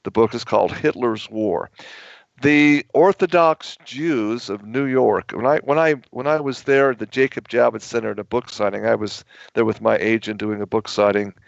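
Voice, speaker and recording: A man with a gravelly, fry-edged voice tells long, emphatic stories as a radio guest. His delivery rambles forward with plenty of push. The sound is dry and a bit dull and lo-fi, like an older broadcast feed. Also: mid-range voice, normal speed, dry recording. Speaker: author guest on a radio show. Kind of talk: radio talk show storytelling.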